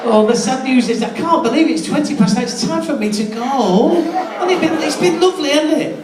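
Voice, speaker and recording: A man's voice: very high-pitched, expressive, a little fast, far from the mic, noisy background. A middle-aged man, telling a comic story to a hotel audience. He chuckles at his own punchlines and stumbles into restarts. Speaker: hotel entertainer. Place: hotel function room with live audience. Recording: echoey hall, voice off-mic, with music.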